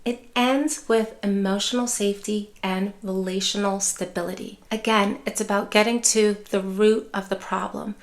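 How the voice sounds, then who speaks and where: A woman dementia care educator giving a calm, measured talk with reassuring example phrases. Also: medium pitch. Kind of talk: scripted educational talk to camera.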